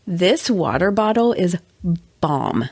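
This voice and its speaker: A woman co-hosting a podcast in casual chat, her voice raspy and hoarse from a cold, chatty and upbeat. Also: fairly low pitch, very animated, slow pace, a little mellow, no echo. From North Carolina. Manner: chatty and upbeat, laughs often. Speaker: podcast co-host; mother. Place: closet.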